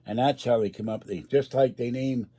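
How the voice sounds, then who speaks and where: A man's voice: medium pitch, steady tone, brisk, dark tone. An older man, rambling and grumbling sarcastically on a casual home livestream. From Pittsburgh area. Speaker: livestream host. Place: indoors at home.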